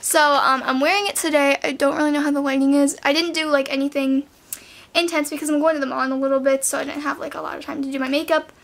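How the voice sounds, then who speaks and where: Teenage girl vlogging at home, high-pitched, gushing and chatty. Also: steady tone, fast talker. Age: teens. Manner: bubbly, says "like" and "literally" a lot. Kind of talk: casual haul vlog.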